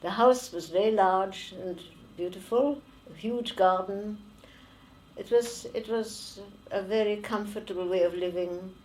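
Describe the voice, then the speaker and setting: A woman in her nineties with a German accent, giving oral history testimony slowly and haltingly, with many pauses and fillers. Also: mid-range voice, darkish tone, a little hiss or hum, rough recording. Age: 90s. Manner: slow and halting, with frequent fillers. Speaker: interviewee, former refugee.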